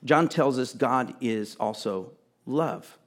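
A man's voice: mid-range voice, takes it slowly. Man preaching a conversational sermon. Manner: conversational preaching with asides and emphatic repetition. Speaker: pastor.

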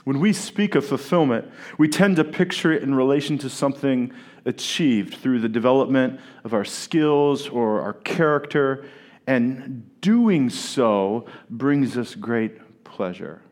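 A male pastor preaching a sermon at a church service, earnest and deliberate, leaning on key words with long pauses, and joking easily with his congregation. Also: medium pitch, lively intonation. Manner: playful banter with the congregation.

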